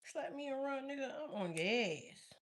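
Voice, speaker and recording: Higher-voiced woman, blunt casual chatter. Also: moderate pace. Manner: blunt, profane, animated storytelling with frequent laughs. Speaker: tarot reader chatting with viewers. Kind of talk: casual live-stream chat.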